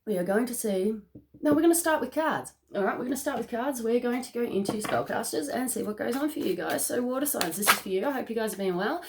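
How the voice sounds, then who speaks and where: Excitable woman giving a card reading. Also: fairly high pitch, fast. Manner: excitable, laughs often, checks in with "okay?". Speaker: tarot reader. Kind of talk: casual spiritual card reading.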